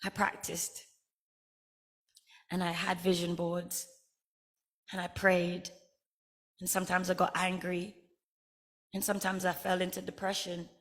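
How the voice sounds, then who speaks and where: A woman's voice: fairly low pitch, monotone, a little slow, pauses often, a bit bright. Earnest Guyanese woman giving a heartfelt speech. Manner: earnest, heartfelt, emphatic storytelling. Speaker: honorary degree recipient giving an acceptance speech. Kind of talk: ceremony acceptance speech.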